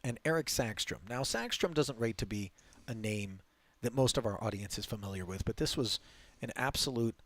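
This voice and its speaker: A man doing live poker commentary and telling animated stories, laughing as he goes. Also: mid-range voice, normal speed, hardly any pauses, no echo. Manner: animated storyteller, laughs through anecdotes.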